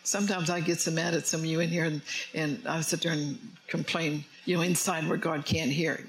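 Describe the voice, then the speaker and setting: A male pastor with a slightly raised pitch delivers a relaxed, talkative sermon. He jokes and asks the congregation questions, with faint ambient noise behind him. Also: brisk, creaky, low-quality recording. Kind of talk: conversational sermon. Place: church before a congregation.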